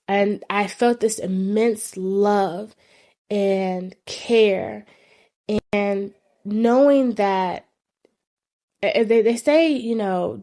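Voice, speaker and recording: A woman vlogger earnestly telling a personal story in a reflective, sometimes soft-spoken way. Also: mid-range voice, fairly even intonation, takes it slowly.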